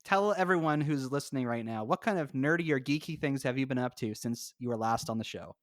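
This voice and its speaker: Man, podcast host, casual chat, rambling asides, mid pitch, dry close sound. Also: fairly quick, no room sound. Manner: chatty, introduces guests with rambling asides. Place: home, recording remotely.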